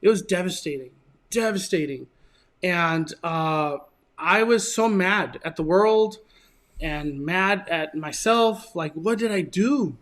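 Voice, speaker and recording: A man's voice: high-pitched, takes it slowly, a bit bright, slight background noise. A man from Southern California, hosting his channel and earnestly telling a rambling, emotional personal story in casual chat. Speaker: channel host.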